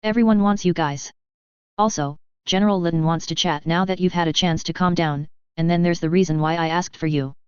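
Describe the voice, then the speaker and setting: A dry-humored woman aboard a starship, casual and plain in speech, as a woman narrator reads her. The voice is smooth and lowish, close and dry. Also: steady tone, fairly quick, no room sound, lo-fi sound, close to an everyday voice. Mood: wry.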